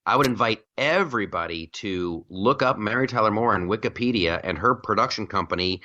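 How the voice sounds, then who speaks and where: A man's voice: lowish voice, fairly quick. Wry male talk radio host. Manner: wry, animated storytelling with mock chants. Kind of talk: casual political talk chat. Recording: slightly dull radio audio.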